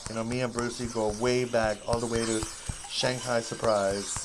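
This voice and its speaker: A man's voice: medium pitch, level tone, normal speed, noisy background. A man giving casual, rambling gameplay commentary, goofy and self-mocking as he plays.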